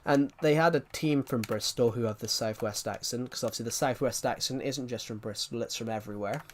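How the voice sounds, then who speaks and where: A man's voice: medium pitch, a little fast, slight background noise. A man with a Southwest English accent, a streamer chatting casually and rambling as he answers viewers' questions. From southwest England. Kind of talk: casual live-stream chat.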